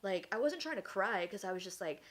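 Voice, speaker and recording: A woman's voice: mid-range voice, lively intonation, fairly quick. Chatty young woman telling a story. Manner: chatty, lots of "like", acts out quotes. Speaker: vlogger. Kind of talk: casual storytelling. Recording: faint background noise.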